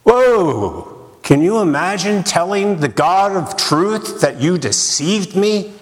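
A man's voice: sits high, sing-song, slow. A man preaching a sermon in a dramatic way, with rhetorical questions and repeated lines for emphasis. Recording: long reverb of a large hall.

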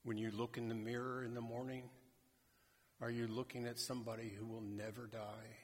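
A man preaching a sermon slowly and emphatically, addressing a congregation. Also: medium pitch, little pitch movement, slightly rough. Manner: slow, deliberate, emphatic preaching. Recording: long hall reverb.

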